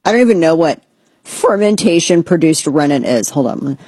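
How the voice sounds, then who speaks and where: Husky woman host, sarcastic rant, swoops up into mocking voices, dry close mic. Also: animated, moderate pace, mellow, no room sound. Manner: sarcastic, ranting, mocks others in squeaky voices. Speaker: podcast host. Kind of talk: casual opinionated commentary.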